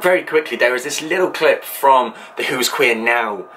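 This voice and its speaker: A male vlogger talks straight to his viewers, keen and chatty, with ums between thoughts. His voice has a bright, forward edge. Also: medium pitch, lively intonation, normal speed, faint music behind, poor audio. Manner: enthusiastic, chatty, with frequent ums. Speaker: channel host. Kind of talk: casual vlog talk to camera.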